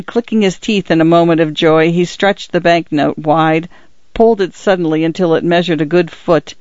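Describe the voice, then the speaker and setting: A woman reading short stories aloud as the narrator of a reading service, measured and even. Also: on the low side, no echo. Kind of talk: scripted narration. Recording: dull, dry lo-fi recording.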